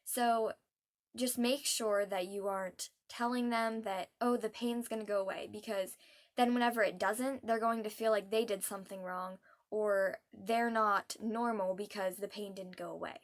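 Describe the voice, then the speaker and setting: A young adult woman vlogging heartfelt advice, earnest and soft-spoken, pausing often with hesitant ums. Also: mid-range voice, fairly even intonation.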